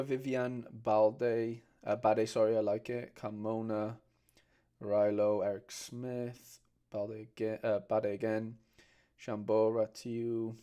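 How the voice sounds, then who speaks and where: A young-sounding man hosting a relaxed stream. He chats loosely with his viewers, reads their comments aloud and keeps calling everyone mate. His pitch sits in an ordinary middle range. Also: clear, resonant tone. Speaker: host. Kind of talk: casual livestream chat.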